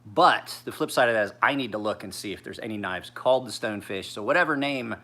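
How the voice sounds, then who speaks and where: A tired man in his forties who rambles in a laid-back, profane way. His voice is bright and sharp, and he speaks as a knife sharpener chatting casually with viewers. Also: on the low side, animated, quick pace. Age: 40s.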